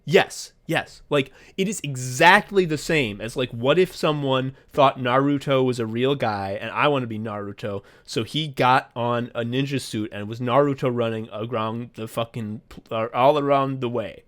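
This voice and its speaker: A man co-hosting a casual podcast, his voice set at an ordinary middle pitch. He talks in an excitable, profane rush and slips into quick little voices while he retells a story. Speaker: podcast co-host. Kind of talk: casual comedic chat.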